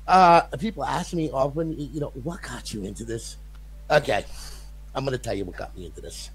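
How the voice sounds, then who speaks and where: A man's voice: medium pitch, a little fast, husky. An older man, a console modder, telling a long story in a casual, rambling way, often repeating his words and swearing.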